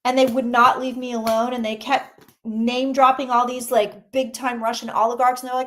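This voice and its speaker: A woman with a high, bright-sitting voice reads tarot cards live for her viewers. She talks casually and excitably, swears a little, and keeps breaking off to greet people in the chat. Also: a little fast. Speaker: psychic reading tarot on a livestream.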